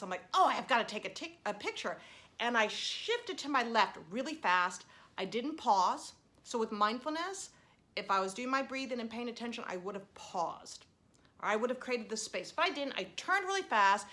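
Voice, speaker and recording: A woman teaching children mindfulness, guiding slow counted breaths and telling a story in a gentle, animated way. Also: fairly high pitch. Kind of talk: guided breathing and lesson for children.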